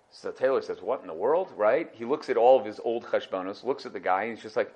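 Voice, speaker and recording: A young man giving a scornful, sarcastic religious talk, swinging from loud outbursts to hushed asides. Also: mid-range voice, sing-song, fast. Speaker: Torah speaker.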